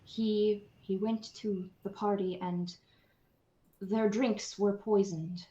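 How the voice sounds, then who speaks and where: A woman playing a gentle, caring companion who speaks softly and hesitantly in a tabletop game. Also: medium pitch, fairly even intonation, slow, reverberant, muffled recording, close to an everyday voice. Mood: tender. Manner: soft, hesitant, apologetic.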